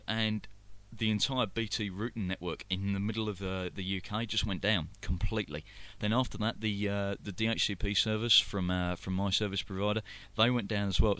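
A man's voice: on the low side, sharp tone. Rambling London man hosting internet radio. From London, England. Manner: rambling, many fillers and restarts. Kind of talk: casual live radio chat.

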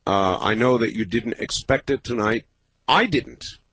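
A man hosting a late-night call-in radio show, talking in a measured, halting way with many pauses. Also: medium pitch, a bit bright, breathy edge, dry recording. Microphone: studio microphone.

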